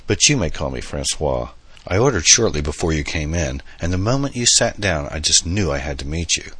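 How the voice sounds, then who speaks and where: A man voicing a charming elderly French gentleman with a heavy French accent, courtly and flattering, in an audiobook reading. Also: a bass voice, brisk, breathy edge, dry recording, full character voice. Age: older. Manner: courtly, flattering, slightly theatrical. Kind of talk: audiobook character voice.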